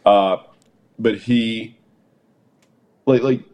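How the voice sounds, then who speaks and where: A man co-hosting a podcast, chatting casually and telling animated stories, with slangy, swearing delivery. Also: fairly low pitch, drawn-out words. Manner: animated storytelling, swears, says "dude". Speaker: podcast co-host. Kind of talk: casual chat.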